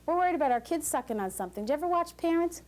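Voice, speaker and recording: Woman, parenting class instructor, lively and joking, voice sits a touch high. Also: very fast. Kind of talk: lecture to new parents.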